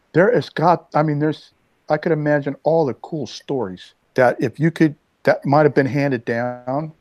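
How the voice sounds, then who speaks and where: A man in his sixties hosting a casual video chat, telling rambling stories with lively asides. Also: medium pitch, no echo. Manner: rambling storyteller, animated asides. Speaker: host. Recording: dull lo-fi dry sound.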